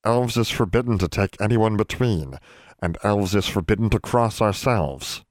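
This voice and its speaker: A man's voice: on the low side, normal speed, no echo, studio quality, close to an everyday voice. A man voicing a grave male elf who speaks formally in broken grammar. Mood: solemn.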